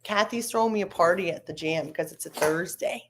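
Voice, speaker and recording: A woman co-hosts a local radio chat show, talking in an upbeat, friendly way about gigs and music nights. Her voice sits a little low for a woman. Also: a little fast, noisy background. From not from the US. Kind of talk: casual chat.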